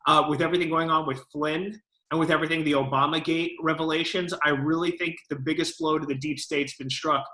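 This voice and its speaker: A man's voice: a little high, steady tone, brisk, bright, forceful tone, echoey room, rough recording. A man co-hosting a political talk show, giving emphatic, lawyerly commentary.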